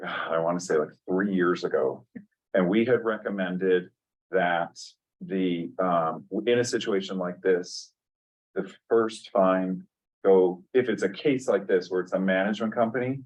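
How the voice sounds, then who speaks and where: Man, very low voice, board chair, measured with frequent ums, distant from the mic. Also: highs cut off. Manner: measured, many "um" pauses. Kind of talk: public meeting proceedings.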